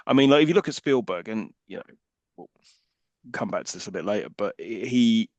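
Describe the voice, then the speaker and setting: Opinionated man with a lively voice. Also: lowish voice, a little fast, no room sound, highs cut off. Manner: opinionated, swears casually. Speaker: podcast co-host. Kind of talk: casual film discussion.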